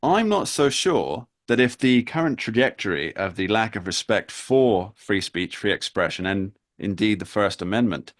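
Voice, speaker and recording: A man hosting a political discussion, speaking in a measured, wry way and pausing to rephrase himself. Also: on the low side, expressive. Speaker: host.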